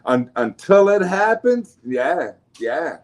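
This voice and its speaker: A man's voice: on the high side, very animated, slow pace. A man with a New Orleans accent hosting a casual podcast, talking loosely, laughing and swearing freely with frequent restarts. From New Orleans area. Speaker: podcast host.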